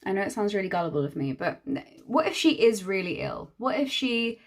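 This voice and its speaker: A young woman, a hairstylist, does her makeup while telling a chatty, exasperated storytime, acting out the other people's lines. Her medium-pitched voice is brisk and sing-song.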